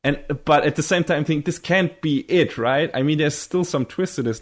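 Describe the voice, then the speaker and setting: A man's voice: a little high, moderate pace. A young man co-hosting a podcast, chatting casually and rambling with many fillers and casual swearing. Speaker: podcast co-host. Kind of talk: casual chat.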